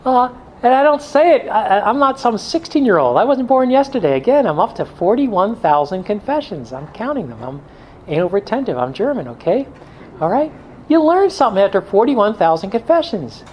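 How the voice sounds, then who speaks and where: A man's voice: sits high, big pitch swings, brisk, a little mellow, a little hiss or hum, low-quality recording. A middle-aged male pastor giving a blunt, joking talk to a men's group, now and then mimicking excuses in a whiny voice.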